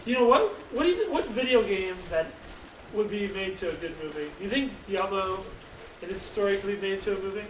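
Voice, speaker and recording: A man's voice: sits high, expressive, a little fast. A man chatting hesitantly with many fillers while playing a video game. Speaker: game co-commentator. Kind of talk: casual let's-play commentary. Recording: echoey room, mic at a distance, faint noise.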